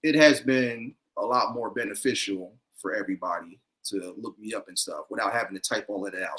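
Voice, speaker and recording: Man, bright voice, easygoing storyteller, casual guest chat over a video call. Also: on the low side, brisk, few pauses. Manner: laid-back, chuckling, storytelling. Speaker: guest content creator.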